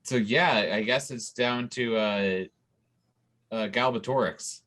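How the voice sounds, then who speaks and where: A young man narrating a tabletop game as game master, describing scenes in a relaxed way with fillers. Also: mid-range voice, slow pace.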